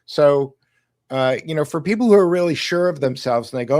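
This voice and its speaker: A man's voice: a little high, a little fast, darkish tone, no room sound. A man hosting a podcast in a casual conversational style, often repeating words as he starts a thought. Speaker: podcast host.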